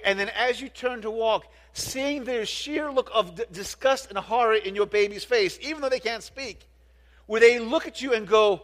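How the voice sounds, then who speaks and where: A man's voice: very high-pitched, expressive, brisk, fairly bright tone. A middle-aged man preaching a sermon as a pastor, earnest, often restarting words and turning to the congregation with questions. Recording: long reverb of a large hall.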